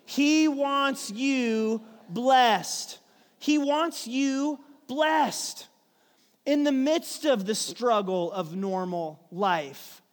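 Male pastor, thirties, high voice, sermon in a reverberant hall, hushed lows to loud call-and-response. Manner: swings from hushed and slow to loud and playful, calls the congregation to repeat lines.

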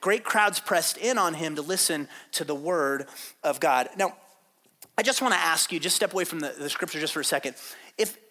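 A man's voice: on the high side, animated, moderate pace, sharp tone. A male pastor preaching a sermon in an informal way, reading scripture aloud, joking and putting questions to the audience.

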